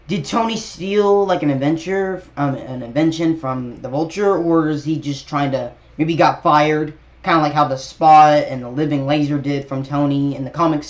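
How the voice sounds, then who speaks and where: A young man chats his way through a trailer breakdown for his channel, stumbling and restarting as he goes. His voice sits a little high. The recording is muffled and lo-fi. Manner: rambling, many fillers and restarts. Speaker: YouTube trailer reviewer.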